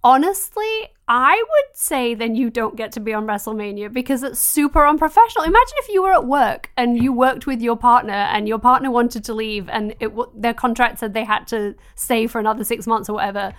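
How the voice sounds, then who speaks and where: A woman's voice: fairly high pitch, lively intonation, a little fast, few pauses. A woman co-hosting a wrestling chat podcast, talking in an emphatic, incredulous way. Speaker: podcast co-host. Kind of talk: casual chat.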